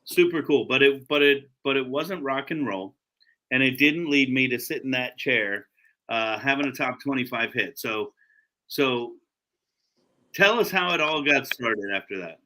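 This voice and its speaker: A man's voice: medium pitch, a little slow, bright, forceful tone. A man hosting a podcast, chatting easygoing and asking friendly questions. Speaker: podcast host. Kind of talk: casual interview chat. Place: podcast studio.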